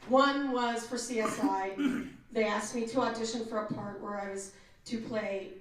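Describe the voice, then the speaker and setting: A slightly high-voiced woman answers fan questions on a convention panel, telling animated, jokey stories and slipping into voices. She is picked up from across a very echoey room, so she sounds distant. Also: moderate pace. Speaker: voice actor, panel guest.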